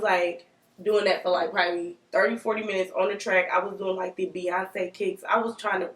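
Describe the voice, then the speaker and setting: A young mother in a relaxed, chatty conversation with friends. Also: medium pitch. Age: young adult. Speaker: young mother sharing her experience. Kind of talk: casual chat with friends. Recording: echoey room, distant mic.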